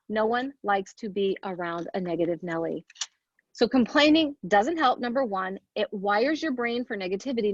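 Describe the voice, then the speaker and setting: A woman's voice: a little high, dry recording, dull audio. A woman giving an earnest motivational talk, asking rhetorical questions and counting off her points. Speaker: speaker at a women's leadership event.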